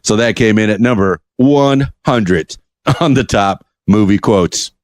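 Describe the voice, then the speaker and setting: A man hosting his own podcast alone, talking in a chatty, jokey, animated way. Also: on the low side, measured pace, no room sound. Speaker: podcast host. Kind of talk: solo podcast monologue.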